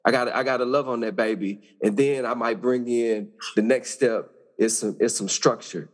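A man's voice: medium pitch, fairly even intonation, normal speed. A man who serves as a judge, speaking as a podcast guest. He talks earnestly and conversationally, often repeating words and restarting phrases as he builds an idea.

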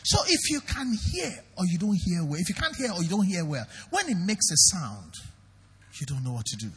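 A man's voice: high voice, big pitch swings, brisk, husky, in a large hall. A Nigerian man preaching a sermon as pastor, emphatic and questioning the congregation directly.

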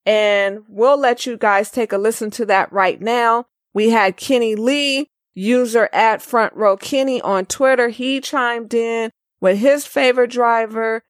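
A woman's voice: fairly high pitch, steady tone, measured pace, few pauses, dry recording. Chatty woman podcast host, dry sound. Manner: chatty, reads listener comments aloud. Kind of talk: casual podcast chat.

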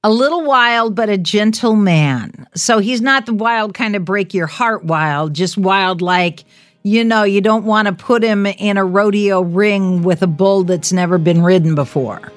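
A woman hosting a call-in radio show, speaking gently and consolingly to callers, calling them honey. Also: medium pitch, a little slow, no room sound, studio quality. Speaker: radio host.

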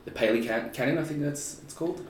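A man's voice: a little high, fast talker. A man chatting casually, rambling with small stammers and easy laughs. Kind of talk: casual chat. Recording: roomy, distant mic with faint noise.

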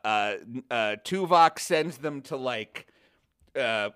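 A man, a comedian guest on a podcast, telling rambling, animated stories in casual chat, with swearing and mocking voices. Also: mid-range voice, slow pace, smooth.

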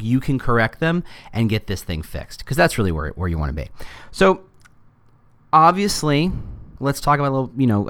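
A man in his fifties presenting an informal lecture to an audience, animated, with sudden emphatic jumps in pitch. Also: dry recording.

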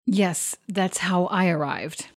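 A woman voicing a resolute young adventurer, speaking earnestly in a lowered, careful voice. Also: takes it slowly.

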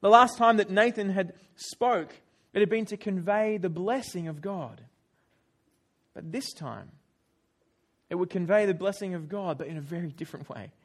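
A man's voice: sits high, normal speed. A young man preaching a sermon, retelling a scripture story and sharing personal stories, his voice rising for emphasis. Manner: animated storytelling, raises voice for emphasis.

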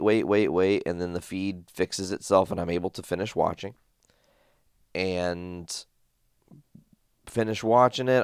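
Man, deep voice, gravelly, casual profane storytelling, dry close sound. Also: dry recording. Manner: profane, rambling, animated retelling. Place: home studio.

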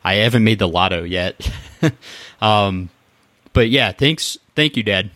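A man's voice: on the low side, animated, measured pace, pushed and bright, dry recording. A man hosting a running podcast, friendly and loose with fillers. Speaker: podcast host. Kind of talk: casual interview hosting.

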